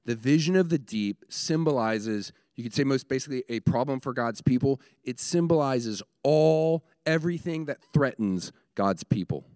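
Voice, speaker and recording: A man's voice: mid-range voice, expressive, normal speed, few pauses, a little mellow, smooth, dry recording, studio quality. A man preaching a sermon, emphatic, building his points in repeated short phrases. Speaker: pastor.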